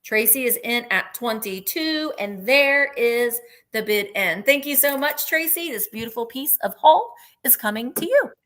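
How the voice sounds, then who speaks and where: Bright, chatty woman selling live. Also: a little high, expressive, unhurried. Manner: chatty and rambling, counting down bids. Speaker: live sale host. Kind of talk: live online sales chat.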